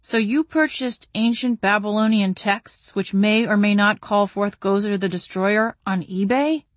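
A woman voicing an earnest, soft-hearted young man in an audiobook, talking in a pleading tone. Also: mid-range voice, measured pace, dry recording, lightly acted. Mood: amused.

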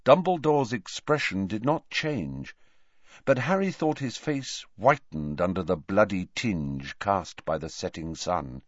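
A man narrating a fantasy novel as an audiobook in an expressive, dramatic storytelling manner, recorded dry and slightly muffled. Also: deep voice, unhurried, dry recording. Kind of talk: scripted narration.

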